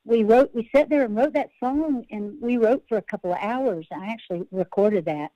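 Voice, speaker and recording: A woman's voice: a little high, moderate pace, no echo, dull audio. A woman country singer-songwriter, a podcast guest, telling rambling, self-interrupting stories and laughing at her own tales.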